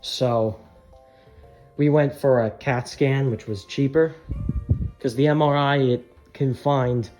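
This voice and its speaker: A man's voice: mid-range voice, fairly even intonation, slow, long pauses, darkish tone, soft background music. A man rambling candidly in a casual vlog, swearing often, his voice strained. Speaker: channel creator.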